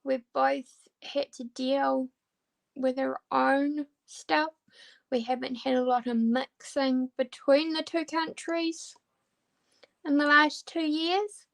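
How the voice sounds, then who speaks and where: As she crafts a diamond painting, a woman answers her viewers in casual, hesitant chat full of ums and restarts. Her high voice is gravelly, fairly even in intonation, and slow.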